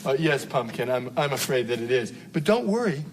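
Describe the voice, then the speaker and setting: A man's voice: medium pitch, very animated, brisk, voice pushed down, close to an everyday voice. A man on a podcast acting out a sitcom father's lines with mock-dramatic flair. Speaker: podcast co-host reenacting scenes. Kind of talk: comedic scene reenactment. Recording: loud background noise.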